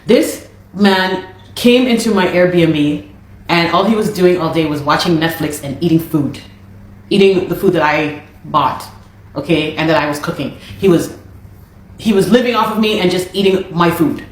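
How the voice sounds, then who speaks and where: A woman's voice: lowish voice, moderate pace. A Canadian woman telling her own story in a casual, exasperated way, repeating herself as she goes. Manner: animated, exasperated retelling with repeated phrases. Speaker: interviewee. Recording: echoey room.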